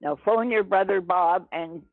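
A man's voice: high voice, measured pace, dry recording. A man on the phone, polite but growing exasperated. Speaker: caller on the phone. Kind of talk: phone call. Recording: tinny phone line.

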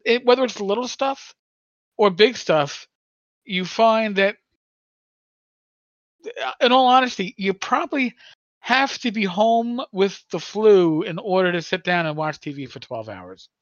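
A man's voice: sits high, expressive, unhurried, long pauses, no room sound, dull audio. A man in his sixties, a podcast co-host, telling a long rambling story in casual chat with many stammers and restarts.

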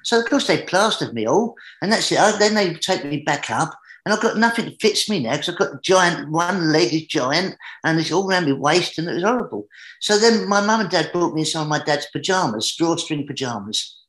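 An English man, a guest entertainer, telling a comic anecdote in a lively manner that builds as the story climbs. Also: fairly high pitch, a little fast. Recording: roomy echoey room.

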